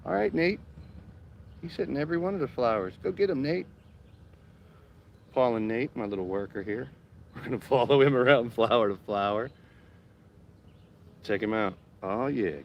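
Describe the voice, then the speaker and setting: A man chatting casually on a live stream from his home garden, excitable and talkative. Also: medium pitch, normal speed, creaky, long pauses, muffled recording, slight background noise. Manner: excitable, chatty, cheering bees on.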